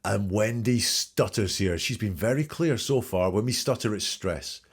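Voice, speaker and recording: A low-pitched man talking through court testimony as a host. He presses his points emphatically, asks pointed questions and repeats key words for effect. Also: a little slow, husky. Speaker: host analyzing trial testimony. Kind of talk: spoken commentary on court clips.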